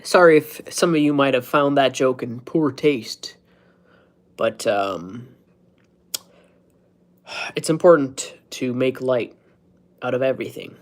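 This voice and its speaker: A man's voice: mid-range voice, slow pace, long pauses. Man, 30s, casual home streamer; goofy, rambling, self-deprecating humor. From United States. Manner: joking, self-mocking, laughs at his own jokes. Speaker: streamer hosting a live stream. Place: at home, indoors.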